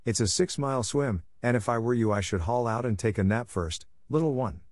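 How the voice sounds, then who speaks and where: An older seal, voiced by a man reading aloud gives a youngster advice in a patient, chiding tone. The voice sits a little above the reader's own low pitch, and the recording is dry. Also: a little fast, darkish tone, no room sound, natural voice. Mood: advising.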